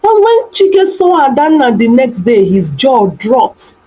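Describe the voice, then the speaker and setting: Female narrator for an animated folktale, slow delivery, fairly high voice. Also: poor audio. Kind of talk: storybook narration.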